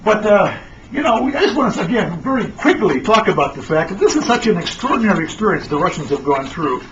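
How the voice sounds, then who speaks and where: A man speaking as a lecturer, animated and emphatic as he tells stories. His voice is high for a man. The sound is muffled and distant, with faint noise. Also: quick pace. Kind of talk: lecture talk.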